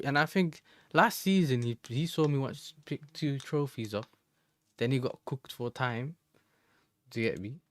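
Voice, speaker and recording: Young man, football streamer, rambling slang, mid pitch, dry room. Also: expressive, moderate pace, no room sound. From Netherlands. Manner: chatty, rambling, slang-filled. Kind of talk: casual live-stream chat.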